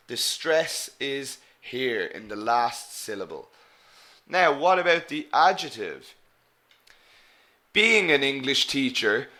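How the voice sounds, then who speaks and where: Guy teaching business english, talks real slow, bright voice, repeats words so you catch them. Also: mid-range voice. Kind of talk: online business English lesson.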